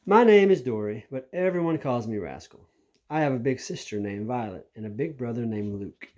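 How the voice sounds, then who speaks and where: A man voicing an excitable, imaginative little girl, reading a children's storybook aloud in a high, bright telling. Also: normal speed, lightly acted. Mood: eager.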